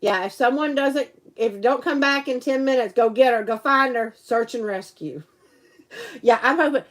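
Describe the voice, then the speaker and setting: A woman's voice: fairly high pitch, moderate pace. Giggly woman streamer. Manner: chatty, giggly, rambling. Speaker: livestream host and teacher. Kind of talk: casual chat to a live stream audience.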